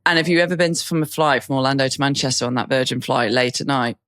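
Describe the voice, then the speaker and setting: A woman's voice: rumbling low, quick pace, a bit bright. A British woman from England co-hosting a podcast, telling stories in casual chat and swearing freely. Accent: British English. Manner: chatty anecdotal storytelling, swears freely. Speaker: podcast co-host.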